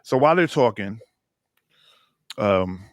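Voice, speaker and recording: A man with a lowish, animated voice speaks slowly in a studio-quality recording free of room sound. As a podcast co-host, he goes over a TV episode in loose, rambling conversation, restarting often and using many fillers.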